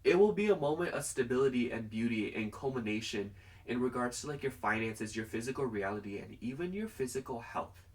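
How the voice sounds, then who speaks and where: A man's voice: medium pitch, lively intonation, fairly quick, distant mic. A young man chatting casually through a pick-a-card tarot reading to camera, rambling and filling his talk with "like". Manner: chatty and rambling, heavy use of "like". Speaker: tarot reader.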